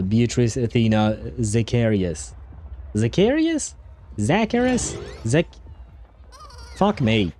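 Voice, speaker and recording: Brief: male streamer, casual live commentary, very animated pitch swings, chatty and jokey. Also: a little hiss or hum. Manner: chatty, laughs often, occasional swearing, sudden bursts. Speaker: livestream host playing a game.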